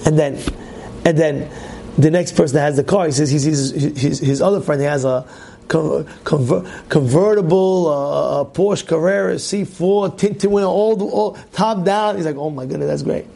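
Gravelly high-voiced rabbi preaching animatedly. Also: male voice, moderate pace. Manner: animated storytelling, acts out complaining voices in loud high shouts; repetitive, rhetorical questions to the listeners. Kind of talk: sermon on the weekly Torah portion.

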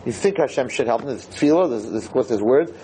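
A man lecturing on Torah, telling a story in an animated way and circling back over his own phrases for emphasis. His voice is mellow and dark, with a faint hiss of room noise behind him. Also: medium pitch, fast, low-quality recording. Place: lecture hall with listeners.

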